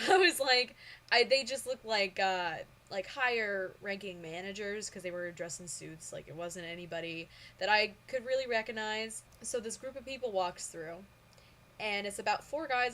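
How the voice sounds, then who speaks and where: Excitable young woman gushing to camera. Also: medium pitch. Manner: excitable, gushing, lots of fillers. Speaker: vlogger. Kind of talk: casual storytelling vlog.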